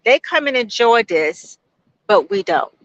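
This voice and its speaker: A woman's voice: a little high, very animated, a little slow, no room sound. A woman in her sixties, a guest nearing retirement, speaks enthusiastically and emphatically about her visit. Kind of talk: casual testimonial. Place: outdoors on a beach. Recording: dull lo-fi outdoor recording.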